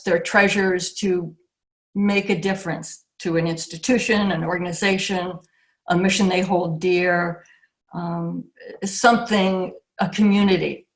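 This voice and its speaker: An older woman giving a reflective acceptance speech over a video call, pausing often and restarting her sentences. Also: fairly low pitch. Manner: warm, reflective, with frequent pauses and restarts. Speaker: award recipient.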